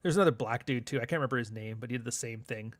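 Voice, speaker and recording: A young Canadian man hosts a livestream, delivering a sardonic, profane, rambling rant. His medium-pitched voice races along, and the recording is dry.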